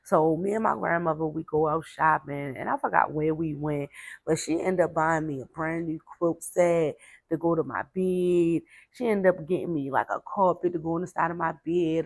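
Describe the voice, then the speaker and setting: Venting frustration, a storyteller recalls her childhood in a loose, chatty testimony packed with "like" and "baby." She speaks in a fairly low voice, recorded with no room sound.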